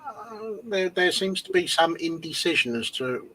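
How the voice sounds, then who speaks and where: A man co-hosting a casual livestream chat, relaxed, mostly giving short replies. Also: high voice, normal speed, low-quality recording. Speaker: livestream co-host.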